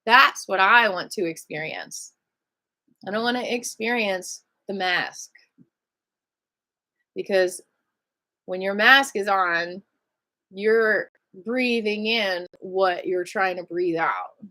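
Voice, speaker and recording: A woman's voice: medium pitch, slow, pauses often. Chatty woman teaching a live qi gong class. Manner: chatty and animated, greets viewers by name mid-talk; leads gentle breathing cues.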